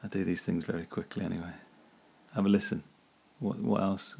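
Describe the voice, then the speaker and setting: A man's voice: deep voice, fairly even intonation, fairly quick, vocal fry, a little mellow, slight background noise. A man hosting his own podcast, musing casually in a rambling, self-deprecating way and often laughing at himself. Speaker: podcast host.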